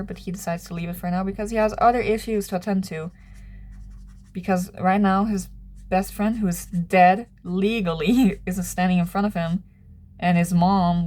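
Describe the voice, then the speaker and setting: A young woman chats through a story at an easy, rambling clip while she sketches. Her voice sits on the low side for a woman, and she laughs at herself now and then. It is relaxed, offhand vlog talk. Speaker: vlogger. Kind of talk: casual storytelling while drawing.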